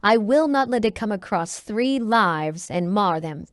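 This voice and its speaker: A woman's voice: mid-range voice, lively intonation, measured pace, no echo, studio quality, lightly acted. A woman voicing an earnest male painter who speaks in a hurt and serious way. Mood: distressed.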